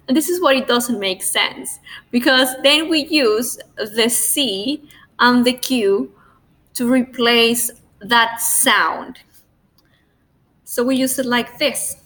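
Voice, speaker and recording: A woman who speaks Spanish natively, teaching pronunciation with a Latin American Spanish accent and repeating sounds slowly and clearly for learners. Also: fairly high pitch, bright, forceful tone. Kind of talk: pronunciation lesson.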